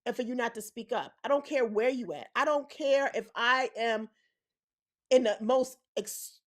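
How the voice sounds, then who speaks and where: A woman's voice: a little high, normal speed. A woman co-hosting a podcast, telling a personal story in an earnest, emphatic way. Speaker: podcast co-host. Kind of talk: casual opinionated chat.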